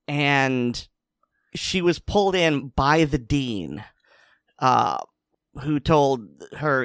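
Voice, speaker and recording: A man's voice: medium pitch, a bit bright, smooth, no room sound, studio quality. A man co-hosting a podcast, retelling a news story in a casual, sardonic way. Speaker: podcast co-host. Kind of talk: casual chat.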